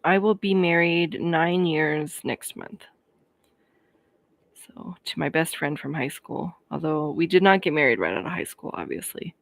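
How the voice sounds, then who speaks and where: This livestream host is a woman in her thirties from Colorado, USA, whose deep, creaky voice carries lively intonation. Reading live comments in casual chat, she comes across as friendly, talkative, and ready to laugh.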